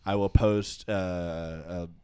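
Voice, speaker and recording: A man's voice: low-pitched, steady tone, takes it slowly, a little mellow, smooth. A man hosting a podcast in a studio, chatting casually with guests and laughing often. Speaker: podcast host. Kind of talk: casual chat.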